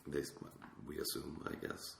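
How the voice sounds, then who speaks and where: A man with a French accent chatting as a guest comedian on a podcast, sick and hungover, with wry, low-key humor. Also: normal speed. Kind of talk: casual podcast chat. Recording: echoey room, faint noise.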